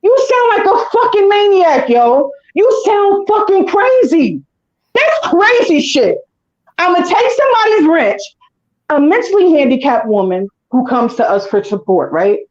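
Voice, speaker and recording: A woman's voice: very high-pitched, sing-song, measured pace, darkish tone. A woman co-hosting a casual chat, ranting heatedly and with heavy profanity. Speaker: co-host. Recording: echoey dull lo-fi room.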